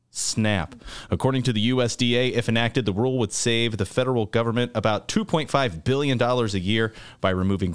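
A man's voice: medium pitch, smooth. Casual male radio news reader. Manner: casual, conversational news reading with questions to the host. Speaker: radio co-host reading the news. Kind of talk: news segment on talk radio.

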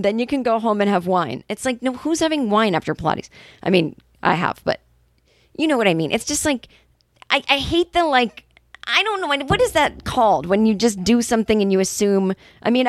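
A woman's voice: medium pitch, no room sound, clean studio sound. A woman with a Boston accent hosting her podcast, a stand-up comedian ranting in a casual, exasperated, profane monologue.

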